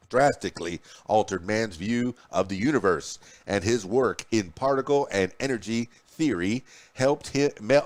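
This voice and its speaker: A man hosting a podcast, reading news headlines and history facts aloud with small slips and restarts. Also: mid-range voice. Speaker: podcast host.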